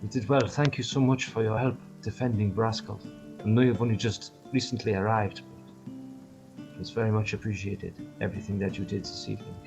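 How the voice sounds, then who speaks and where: A man's voice: lowish voice, steady tone, fairly quick, gravelly, music in the background. A man voicing a grateful, gracious male town priest who speaks formally and courteously. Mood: earnest.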